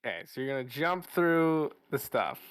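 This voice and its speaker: A man narrating as game master of a tabletop game, casual and halting, with restarts and fillers. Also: mid-range voice, sing-song, a bit bright, smooth, no room sound.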